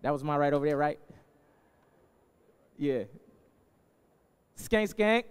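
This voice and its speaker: Energetic male musician leading audience chants; smooth voice, long hall reverb. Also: fairly high pitch, normal speed. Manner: energetic, hyping up the crowd. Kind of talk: call and response with a crowd.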